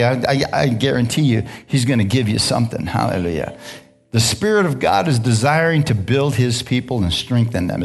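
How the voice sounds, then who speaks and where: A man's voice: medium pitch, slightly rough. Call-and-response man preaching a sermon. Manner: call-and-response, frequent "hallelujah" and "amen?"; relaxed, laughing, conversational preaching. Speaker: pastor. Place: church sanctuary.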